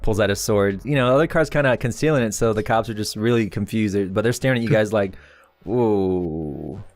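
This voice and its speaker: A man's voice: on the low side, quick pace, no echo. Laughing man running the game. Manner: laughing often, voicing side characters in brief bursts. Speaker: game master. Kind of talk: narrating a tabletop game.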